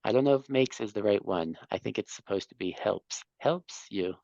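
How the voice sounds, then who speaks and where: A man's voice: fairly low pitch, normal speed, creaky, a little mellow, dry recording, dull audio. A man teaching an English class, patiently explaining grammar and correcting students.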